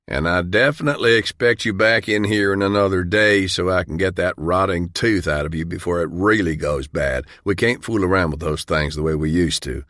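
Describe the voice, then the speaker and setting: Man narrator playing a cheerful, low-voiced small-town dentist; matter-of-fact, dry studio read. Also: moderate pace, few pauses, fairly bright tone, no room sound.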